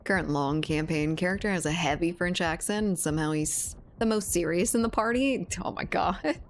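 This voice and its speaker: A woman's voice: on the low side, a little fast, a little hiss or hum. A woman streamer chatting casually with her viewers, swearing freely and laughing often.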